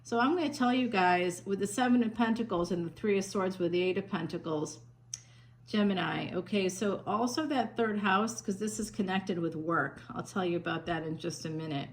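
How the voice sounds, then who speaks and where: This medium-pitched woman reads tarot at a moderate pace, chatty and affectionate, with frequent fillers and restarts and a Northern US accent that leans Southern. The recording quality is low.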